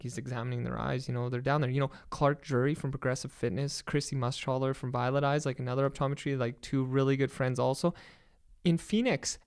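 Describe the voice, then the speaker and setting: A young Canadian man, a podcast guest, telling a story in an excited, casual way with a lot of swearing. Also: mid-range voice, creaky, clean tone.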